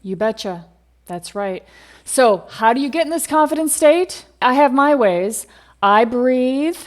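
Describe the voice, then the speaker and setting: A woman's voice: high-pitched, lively intonation, a little slow. A woman hosting a podcast, upbeat and encouraging as she gives advice. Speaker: podcast host. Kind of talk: casual podcast chat.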